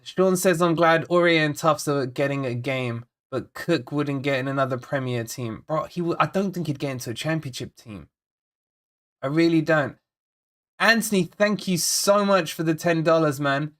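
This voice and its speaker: Hosting a live football watch-along on his fan channel, this man talks at a moderate pace in a slightly high, somewhat bright voice. His chat with viewers is casual and rambling, full of repetition, worry about the team, and chat messages read aloud.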